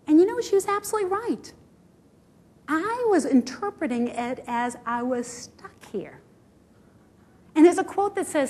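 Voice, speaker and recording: A middle-aged woman giving a conference presentation as a health speaker, telling stories with animated, self-mocking humor. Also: sits high, moderate pace. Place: conference hall.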